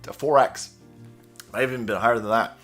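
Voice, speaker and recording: A man's voice: mid-range voice, fairly quick, fairly bright tone, faint music behind. A man hosting a ranting political commentary, sarcastic and mocking, swearing often and mimicking others in exaggerated voices, with laughs between lines. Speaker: commentary channel host.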